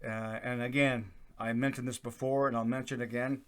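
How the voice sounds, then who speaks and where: A middle-aged man hosting his own video channel, talking in a casual, rambling way with plenty of "uh" fillers and a loud, projecting voice. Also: mid-range voice, little pitch movement, normal speed, clean tone. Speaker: YouTube channel host. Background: accordion folk music playing faintly.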